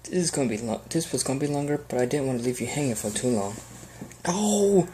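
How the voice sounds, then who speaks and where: Guy reading a fanfic chapter, earnest, stumbles a bit, mid pitch. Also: rapid-fire, a little mellow, slight background noise. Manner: earnest reading with small slips. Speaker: fan fiction reader. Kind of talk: amateur audiobook narration.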